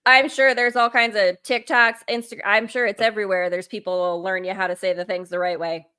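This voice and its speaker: Female co-host from the US, bubbly and eager, stumbles over words, bright and forceful tone. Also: mid-range voice, flat delivery, brisk, clean tone. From United States. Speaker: guest co-host. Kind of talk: casual chat.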